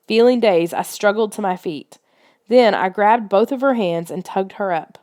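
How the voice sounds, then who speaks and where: Lady reading a spooky kids book aloud, tense storytelling, medium pitch. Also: moderate pace, a little mellow. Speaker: audiobook reader. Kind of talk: scripted storybook narration.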